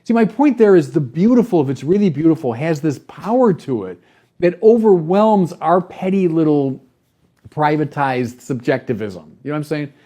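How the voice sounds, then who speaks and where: An older man with a dark, mellow voice speaks at a slightly raised pitch as a bishop on a podcast. He argues with energy and emphasis, leaning into points and acting out mock quotes. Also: normal speed. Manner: animated, emphatic, mock-quoting others. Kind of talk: podcast conversation.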